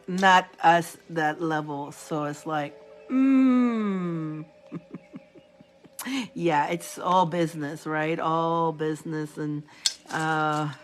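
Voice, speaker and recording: A woman talks to her live-stream viewers as a spiritual reader. She is chatty and animated, and her voice jumps up high when she gets excited. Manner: animated and chatty, laughing often. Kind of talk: casual live-stream chat.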